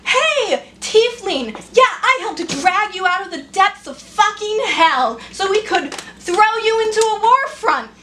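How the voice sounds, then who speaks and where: A woman's voice: sits high, expressive, slow, pauses often, background noise. A woman voicing a weary, remorseful male archer in a tabletop game, pleading and then passionate. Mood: anguished.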